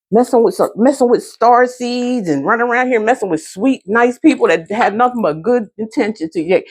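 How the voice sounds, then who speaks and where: A woman's voice: a little high, darkish tone. Blunt, swearing woman tarot reader. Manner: blunt, profanity-heavy, talks back to herself. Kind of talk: casual tarot reading.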